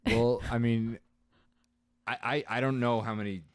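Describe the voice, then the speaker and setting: A man's voice: medium pitch, level tone, normal speed, clear, resonant tone, dry recording. A man hosting a podcast in casual chat, making dry, sardonic asides. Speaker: podcast host.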